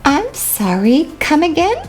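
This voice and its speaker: A woman voicing two cheerful young sisters who run a pet rescue in a doll-play story, bright and politely chirpy. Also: high-pitched, very animated, measured pace, over loud music, pitched above the performer's own voice.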